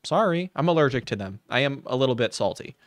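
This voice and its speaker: A man rants through a sarcastic reaction commentary, mocking and swearing freely. His voice sits at an ordinary pitch. The sound is dry and close, with no room around it. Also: expressive, fast talker, dry recording. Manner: mocking, profane, ranting. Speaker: commentary YouTuber reacting to a video.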